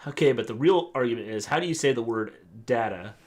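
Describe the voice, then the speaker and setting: A man's voice: medium pitch, lively intonation. A middle-aged man co-hosting a casual wrestling recap, joking around and reading out viewer comments. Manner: joking, drawn-out teasing asides. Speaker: co-host reading viewer chat.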